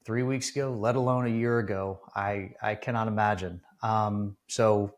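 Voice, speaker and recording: A man hosting his first podcast episode, speaking earnestly and haltingly, with many restarts. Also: fairly low pitch, fairly even intonation. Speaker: podcast host. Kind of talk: casual interview talk.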